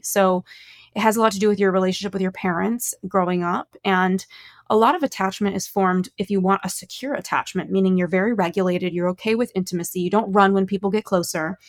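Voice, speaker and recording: A woman talking earnestly on a podcast, explaining ideas in casual chat. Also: mid-range voice. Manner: earnest, explanatory, speaks about psychology.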